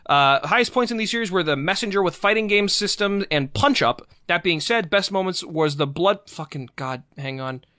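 A man's voice: high-pitched, lively intonation, normal speed, few pauses, bright, forceful tone, dry recording, studio quality. A man hosting a podcast in casual chat, rambling and cursing in frustration. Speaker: podcast host.

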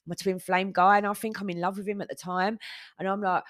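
A woman's voice: on the low side, brisk, fairly bright tone, no room sound, studio quality. Candid woman telling her story. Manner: candid, swears, retells conversations. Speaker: podcast host. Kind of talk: personal storytelling monologue.

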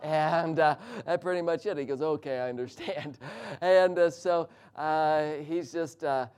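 A middle-aged man preaching a sermon, praying and then telling a humorous personal story with lively, animated delivery. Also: fairly high pitch, a little slow, clear, resonant tone.

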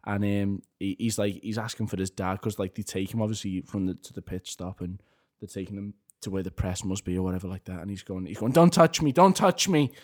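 A man co-hosting a casual podcast chat, excitable and laughing often. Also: sits low, quick pace. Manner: excitable, laughs often, acts out quotes in shrieks. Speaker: podcast co-host.

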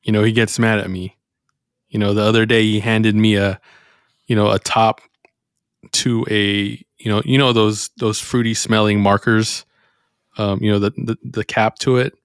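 Reflective man with a smooth low voice. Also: dry recording, studio quality. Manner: reflective and meandering, thinking aloud. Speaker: podcast host. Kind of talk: casual faith podcast talk.

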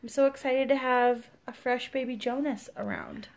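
A woman's voice: sits high, very animated, moderate pace. A young Midwestern woman co-hosting a podcast, chatting casually and enthusiastically with plenty of fillers. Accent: Midwestern American. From American Midwest. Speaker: podcast co-host. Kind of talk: casual chat.

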